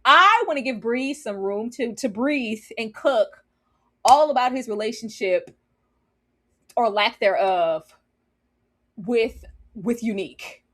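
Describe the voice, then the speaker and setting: Lively, animated woman reviewing a show. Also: on the high side, slow, pauses often, a little hiss or hum. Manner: expressive, laughs often, acts out scenes in mock voices. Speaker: TV review panelist. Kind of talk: animated casual review chat.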